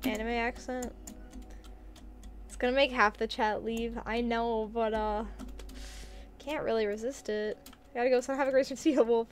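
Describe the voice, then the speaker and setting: A woman's voice: fairly high pitch, fairly even intonation, normal speed, long pauses. A young woman streaming a video game, chatting casually and rambling to her chat with frequent giggles.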